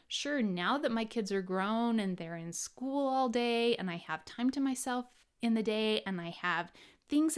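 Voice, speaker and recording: A woman hosting a reflective personal monologue on self-help, animated and drawing out key words for emphasis. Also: medium pitch.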